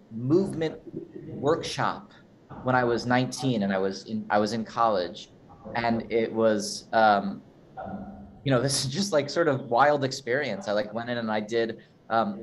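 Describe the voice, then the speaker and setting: Young male guest actor, mid-pitched, rambling and chatty on a video call, faint hiss. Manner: rambling, chatty, lots of fillers. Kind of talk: casual chat.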